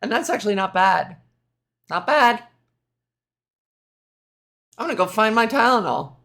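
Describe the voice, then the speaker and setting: A woman's voice: medium pitch, animated, fast, vocal fry, fairly bright tone. A woman hosting a solo podcast, ranting in a profane, sarcastic, rambling way. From Canada. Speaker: podcast host. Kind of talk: casual solo podcast rant.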